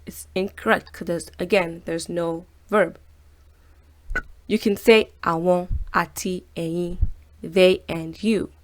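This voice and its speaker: A woman with a lowish voice hosts a casual video language lesson. She slows down and says each word twice so learners can copy the pronunciation, then chats loosely, with fillers, between examples.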